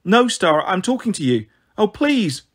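A man's voice: high voice, sing-song, a little slow, voice pushed up, exaggerated voice. A man doing a desperate, pleading mother. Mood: begging. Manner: pleading, emotional. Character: distraught, unstable adult mother pleading on the phone.

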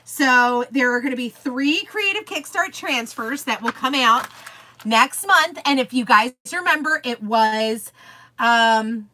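Bubbly high-voiced woman streaming live. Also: sharp tone. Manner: bubbly, gushing and easily sidetracked. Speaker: craft product seller hosting a live stream. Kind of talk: chatty live-stream demo, reading viewer comments aloud.

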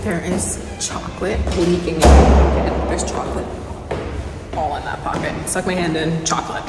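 A woman's voice: deep voice, steady tone, moderate pace, very noisy. A woman in her twenties, a medical student, talking casually and candidly to a handheld phone camera. She chats freely and fills her sentences with "like". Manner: chatty and candid, peppered with "like". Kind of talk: casual vlog chat to camera.

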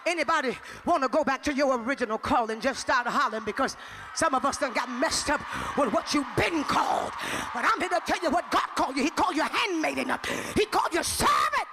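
A woman preaching a live sermon in a conference hall. Her voice is high and she pours it out, shouting and repeating phrases in a driving rhythm. The recording carries clear noise from the hall around her. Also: brisk. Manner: impassioned, often shouting.

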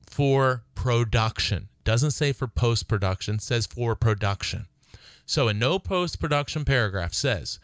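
A middle-aged man hosting a radio show as an attorney, explaining lease terms emphatically and slowing to read contract wording aloud. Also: medium pitch, a bit bright, clear, resonant tone, no room sound, clean studio sound.

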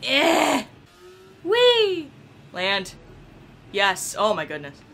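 A young woman casually commenting on a game she is playing, excitable and giggly, swearing often. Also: on the high side, drawn-out words, vocal fry, a little hiss or hum. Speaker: gameplay commentator. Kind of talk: casual let's-play commentary.

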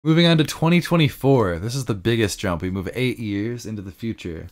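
A man's voice: fairly low pitch, animated, fairly quick. A man co-hosting a podcast, chatting casually about fighting games with frequent laughs and loose filler words. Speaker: podcast co-host.

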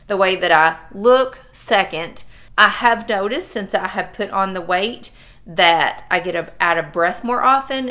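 A woman, chatting casually to camera in a lively, folksy way. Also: mid-range voice. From Southern United States. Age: 50s. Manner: chatty and animated, laughs often, folksy phrasing. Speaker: vlogger.

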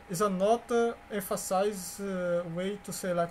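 High-voiced man teaching code, halting. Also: steady tone, a little hiss or hum. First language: Portuguese. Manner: halting, repeats words, many fillers and restarts. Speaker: course instructor. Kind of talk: coding lecture walkthrough.

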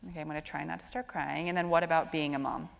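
A woman in her thirties hosting a stage conversation, talking in a lively, filler-heavy, storytelling way. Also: deep voice, racing, vocal fry. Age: 30s. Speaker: host moderating a stage conversation. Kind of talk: chatty onstage conversation. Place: stage of a live event in a hall. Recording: echoey hall with faint noise.

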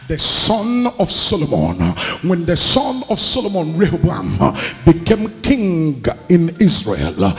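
A man preaching a sermon, emphatic, swinging between hushed lines and shouts. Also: high-pitched. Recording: echoey hall with music behind.

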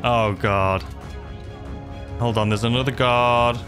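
A man's voice: medium pitch, steady tone, takes it slowly, over music. A young man commenting on his own gameplay, talking to himself anxiously and exclaiming often. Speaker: gaming YouTuber.

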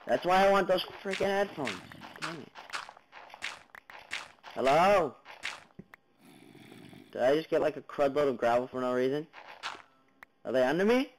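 A man's voice: a little high, expressive, a little slow, long pauses, slight background noise, poor audio. Jumpy young man narrating a block game. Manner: jumpy, chatters at monsters and viewers, sudden yelps. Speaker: gaming channel host. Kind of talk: Minecraft let's play commentary. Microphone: basic computer mic, no headphones.

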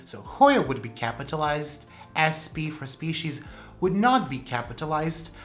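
Host: woman, low voice, playful teacher, soft music bed behind. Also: sing-song, measured pace. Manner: playful, with sudden jumps in pitch for emphasis. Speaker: plant channel host. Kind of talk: casual instructional talk.

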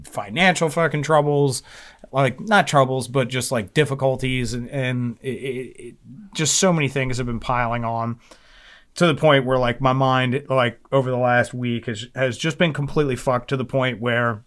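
A man talks casually on a recovery podcast. His voice sits at an ordinary middle pitch. He rambles, swears freely and keeps restarting his sentences as he tells a long story. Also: steady tone, normal speed, a bit bright. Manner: rambling and profane, with many fillers and restarts. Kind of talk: casual chat.

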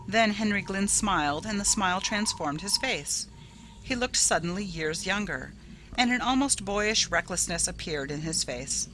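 A woman narrating a classic ghost story in a measured, steady way. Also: on the low side, rough recording.

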